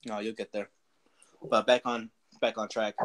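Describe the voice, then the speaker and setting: A man's voice: lowish voice, level tone, moderate pace, fairly bright tone. Laid-back man chiming in casually. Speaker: podcast co-host. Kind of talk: casual movie discussion.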